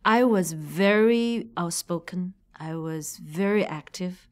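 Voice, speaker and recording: A woman from China with a Chinese accent, speaking English as a second language and giving thoughtful, halting interview answers about her career as a marketing manager. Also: on the low side. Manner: thoughtful, halting, searching for words.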